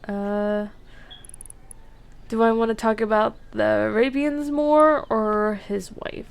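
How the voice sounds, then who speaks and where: A woman's voice: on the high side, vocal fry, smooth. Giggly woman streaming a horse game. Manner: chatty, giggly, self-deprecating. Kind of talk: casual gameplay commentary.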